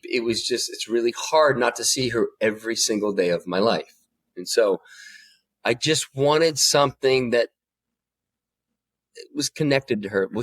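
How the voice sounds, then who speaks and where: A man in his forties, a podcast guest, telling a candid personal story and swearing freely as he grows emotional. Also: medium pitch. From United States.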